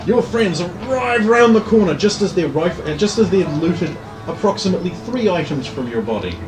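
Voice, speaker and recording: A man's voice: sits high, expressive, normal speed. A man narrating a tabletop game as game master, playful and theatrical. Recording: roomy, distant, music behind.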